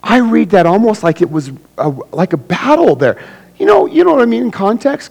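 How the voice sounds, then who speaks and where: A man preaching a sermon as pastor, acting out little scenes with sudden loud bursts and dropping to a hushed, low voice for serious points. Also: very animated, moderate pace, vocal fry, breathy edge, rough recording.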